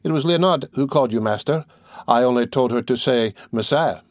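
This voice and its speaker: A man's voice: medium pitch, a little fast, no room sound, studio quality, natural voice. A man voicing a bold young woman in her finest clothes, speaking eagerly and correcting her friend. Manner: impetuous, prim.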